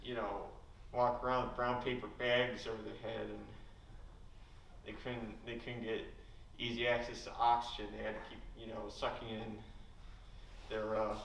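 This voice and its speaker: A young man doing a deadpan, low-key stand-up set at an open mic in a campus lecture hall. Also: moderate pace, vocal fry. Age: young adult. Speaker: stand-up comedian. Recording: echoey hall, distant mic, faint hiss.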